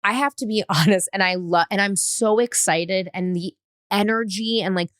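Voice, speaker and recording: A woman's voice: mid-range voice, normal speed, fairly bright tone, no room sound, studio quality. A young woman hosting a podcast, chatting in an enthusiastic, encouraging way. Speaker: podcast host. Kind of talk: casual chat.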